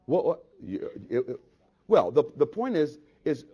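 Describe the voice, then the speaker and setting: A male pastor preaching a sermon, rising to loud reading of scripture and dropping to quiet prayer, pressing the congregation with repeated questions. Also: big pitch swings, measured pace, gravelly, breathy edge. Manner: swells loud on scripture then drops low and quiet. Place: church.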